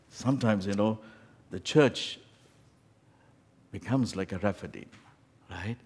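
A man preaching a sermon in a church, moving between loud emphatic lines and quiet asides, often saying "you know" and "my friend.". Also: fairly low pitch, slow pace, pauses often, breathy edge. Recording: long hall reverb.

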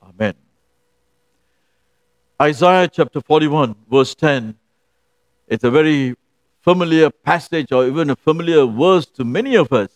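A man's voice: fairly high pitch, normal speed, no room sound. Earnest man preaching a sermon. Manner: earnest, storytelling. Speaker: pastor.

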